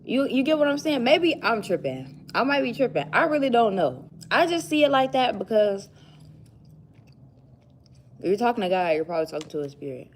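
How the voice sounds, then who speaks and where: Young woman rambling, lively swooping voice. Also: a little high, moderate pace, a little hiss or hum. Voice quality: rambling, musing thinker. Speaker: vlogger. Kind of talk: casual chat to camera. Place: at work.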